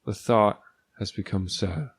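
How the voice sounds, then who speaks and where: Male storyteller, lowish voice, dry sardonic first-person read, very dry room. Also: a little slow, creaky, husky, dry recording. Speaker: narrator.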